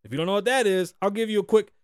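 A man in his thirties from the United States hosts a casual solo podcast, cracking profane jokes and ranting with big swings. He speaks very fast in a smooth, high voice, recorded in studio quality without any room sound.

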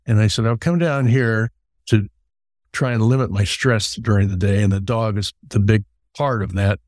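A middle-aged man hosts an interview podcast, his voice on the low side with a darkish tone, recorded dry and clean in a studio. He tells long stories in a conversational way and repeats words as he starts his sentences.

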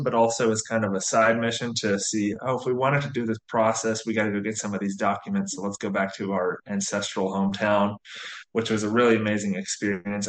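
A man in his thirties from the US, relaxed and chatty as an interview guest, full of "you know"s. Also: lowish voice, echoey room. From US, near Atlanta. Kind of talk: casual interview.

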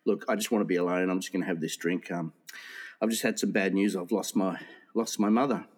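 A man voicing a glum headlining performer in a joke, speaking low, slow and subdued. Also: fairly even intonation. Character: glum male headlining comedian, wanting to be alone.

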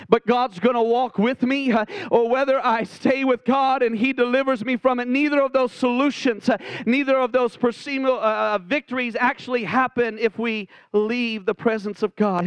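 A man delivers a heartfelt sermon as pastor in a strikingly high, smooth, clear voice. He is emotional, stumbling over repeated words and filling pauses with "uh." The sound is dry and close. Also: no room sound. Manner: frequent "uh" fillers.

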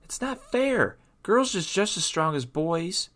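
A man voicing a brave, stubborn young girl mermaid in a storybook reading, speaking high and insistent. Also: sing-song, fairly quick, fairly bright tone. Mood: eager.

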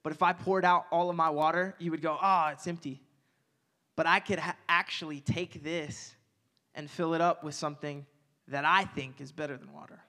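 A young man giving a casual, energetic sermon as a youth pastor, joking aside and repeating phrases. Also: fairly high pitch, fairly quick.

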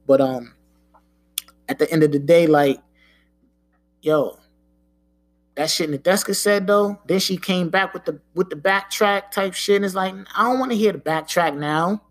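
A podcast host with a high, fairly bright voice talks casually on his own in frank, profane street talk. He keeps dropping "you know what I'm saying."

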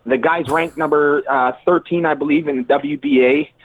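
A man telling a story as a boxer guest in a casual interview, animated and swearing freely. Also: fairly high pitch, normal speed. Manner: animated, swears, acts out quotes. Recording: tinny phone-like line, dry.

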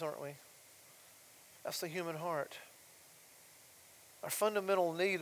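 A man preaching a sermon as pastor, swinging from loud emphatic declarations to soft quiet asides and asking rhetorical questions. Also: sits high. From United States. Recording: long reverb of a large hall.

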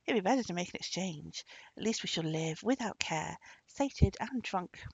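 A woman's voice: on the low side, lively intonation, normal speed, husky, dry recording. A woman playing boisterous greedy merchants. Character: greedy seafaring male merchants. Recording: dull lo-fi recording.

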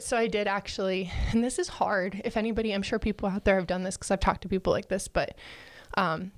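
A young woman with a medium-pitched voice tells a personal story in casual conversation, animated and often laughing as she acts out what people said. There is no echo.

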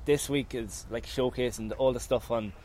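A man's voice: mid-range voice, fairly even intonation, moderate pace, darkish tone. A man who has just won a golf event, talking emotionally about his round and his family. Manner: emotional, thankful, talks of nerves. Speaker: winning golfer interviewed after a round. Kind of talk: emotional post-round interview. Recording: faint outdoor noise.

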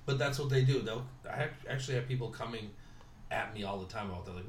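A man from Southern California talking casually in his dining room, telling stories with lively impressions of other people. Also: mid-range voice, quick pace, slight background noise. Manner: animated storytelling, mimics other people. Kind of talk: casual conversation. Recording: roomy home dining room.

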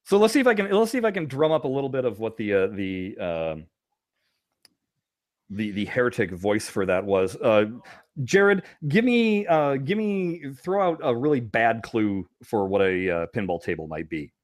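Lively storytelling man, dry sound. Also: mid-range voice, normal speed, no room sound. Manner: animated storyteller, laughs often, many restarts. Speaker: podcast co-host. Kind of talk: casual reminiscing chat.

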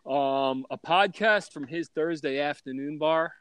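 A man telling loud, profane stories in a casual podcast chat. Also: a little high, a little slow, a crowd in the background. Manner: loud, profane, animated storyteller. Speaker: guest storyteller.

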